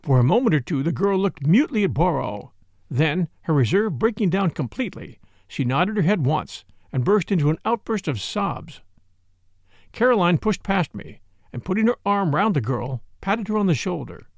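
A man narrating a classic mystery novel in a measured storytelling manner. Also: fairly high pitch, big pitch swings, creaky, dry recording, studio quality. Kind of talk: scripted audiobook narration.

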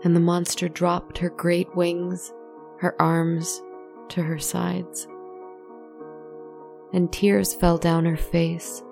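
Female storyteller, deep and dark-toned, even delivery, hushed asides to the listener. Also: slow, vocal fry, pauses often. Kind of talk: scripted story narration. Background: faint music.

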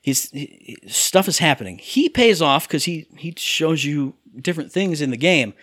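Guy ranting on a podcast, voice jumps all over, slightly high, dry close mic. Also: moderate pace, dry recording. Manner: animated ranting, mimics characters' lines in exaggerated voices. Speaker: podcast co-host reviewing a game. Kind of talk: casual chat, ranting review.

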